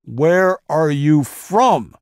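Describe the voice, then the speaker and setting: A cruel military interrogator barks his questions slowly and hard, raised and threatening, as a male narrator plays him. The audiobook sound is dry and close, with nothing behind it. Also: medium pitch, animated, no room sound, voice pushed up. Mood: demanding. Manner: hard, drawn-out demanding. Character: brutal male military interrogator, cold and menacing.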